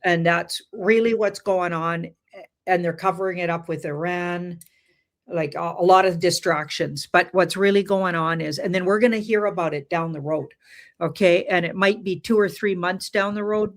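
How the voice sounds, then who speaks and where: A woman with a slightly low voice speaks as a tarot reader in a casual interview. She gropes for words, with frequent uhs, likes and restarts. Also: steady tone, moderate pace. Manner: hesitant, many fillers and restarts.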